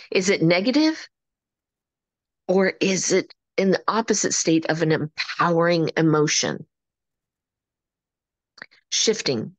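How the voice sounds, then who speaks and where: A woman's voice: lowish voice, no room sound. Woman, motivational speaker, upbeat and emphatic, dry close sound. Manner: energetic, animated, preacher-like emphasis. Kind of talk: motivational talk on a call.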